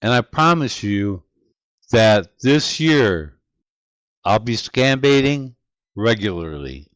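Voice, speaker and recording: A man's voice: lowish voice, big pitch swings, takes it slowly, fairly bright tone, no room sound, rough recording. An older man hosting his channel, talking over clips in an earnest, reflective way. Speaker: channel host narrating clips. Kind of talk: casual commentary.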